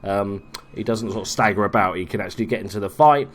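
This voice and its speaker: A man's voice: on the low side, fast talker. A man hosting a casual gameplay guide, talking in an offhand, joking way with frequent asides. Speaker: game guide host.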